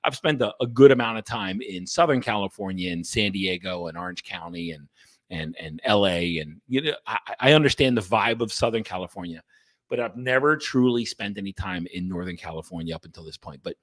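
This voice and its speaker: A man's voice: deep voice, a little fast, a bit bright, dry recording. A man hosting a podcast, talking bluntly and emphatically to his listeners, swearing freely and often restarting his sentences. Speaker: podcast host and coach. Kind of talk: casual monologue to listeners.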